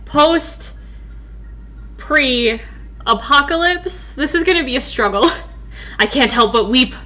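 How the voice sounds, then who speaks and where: A woman's voice: fairly high pitch, animated, normal speed, bright, forceful tone. A woman streaming a game, reading its lines aloud and breaking off to joke and comment. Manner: joking, breaks off to comment and laugh.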